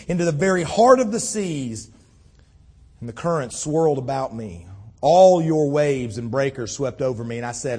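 A man preaching a sermon with impassioned delivery, his voice swelling loud and then dropping low. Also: breathy edge. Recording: long reverb in a large hall.

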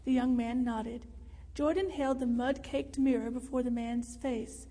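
A woman narrating a story in a measured, expressive reading. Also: fairly high pitch. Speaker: audiobook narrator. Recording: reverberant room.

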